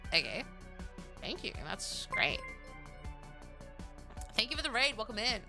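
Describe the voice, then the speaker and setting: A woman's voice: on the high side, big pitch swings, measured pace, long pauses, sharp tone, soft background music. Rambling young woman streamer. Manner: loose, rambling, swears freely. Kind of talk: casual live-stream chat.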